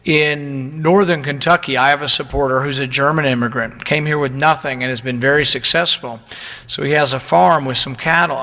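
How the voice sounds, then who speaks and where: Male politician at the podium, indignant and emphatic, bright forceful voice, reverb from a big hall. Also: medium pitch. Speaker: politician giving a speech. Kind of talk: public speech.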